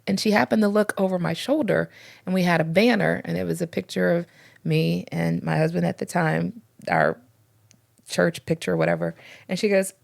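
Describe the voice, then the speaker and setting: A woman's voice: fairly low pitch, normal speed, creaky. A middle-aged woman co-hosting a faith podcast, telling church stories and acting out the dialogue in them. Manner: storytelling, acts out dialogue with lively voices. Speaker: podcast co-host, former pastor's wife. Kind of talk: casual faith discussion.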